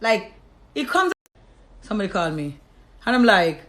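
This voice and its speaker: A woman telling her life testimony to an audience sounds very animated and a bit bright, speaking at a normal speed. Her casual monologue is emphatic and full of profanity, and she drops into lower tones when acting out her conversations with God.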